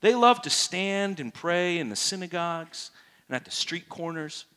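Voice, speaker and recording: A man preaching a sermon as a pastor, asking his congregation direct questions and jumping up in pitch and volume to make a point. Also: normal speed, clean tone. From United States. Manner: animated, rises sharply for emphasis and mock-prayer voices.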